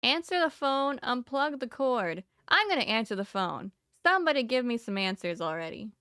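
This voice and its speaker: Bright-voiced giggly young woman gaming. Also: a little high, big pitch swings, moderate pace, smooth. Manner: giggly, flustered, talks to the game. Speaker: streamer playing a horror game. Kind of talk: casual let's-play commentary.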